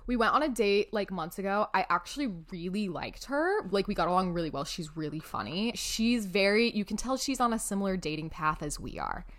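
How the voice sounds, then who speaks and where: A woman's voice: medium pitch, very animated, brisk, hardly any pauses, fairly bright tone. A woman in her twenties, co-hosting a podcast, telling a story in casual chat and laughing often. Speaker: podcast co-host.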